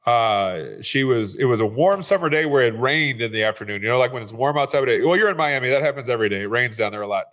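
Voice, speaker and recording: A man's voice: mid-range voice, expressive, fast talker, few pauses, fairly bright tone. A man who is a real estate investor, speaking as a guest in a casual interview, earnest and often repeating words as he restarts.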